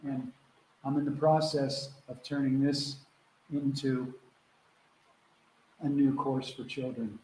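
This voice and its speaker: The voice is mid-range and dark, slow, with little pitch movement and frequent pauses. It belongs to a man hosting a live video Q&A as a spiritual mentor, earnest and casual, freely swearing and performing quotes, recorded in an echoey room with faint noise behind him.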